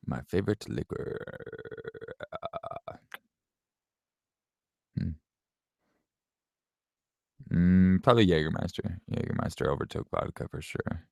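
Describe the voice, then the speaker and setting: A man's voice: low-pitched, lively intonation, takes it slowly, gravelly, pauses often, darkish tone, dry recording, clean studio sound. A man in his late twenties at home, answering viewer questions in a blunt, offhand way, swearing and laughing often. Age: late 20s. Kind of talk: casual Q&A chat.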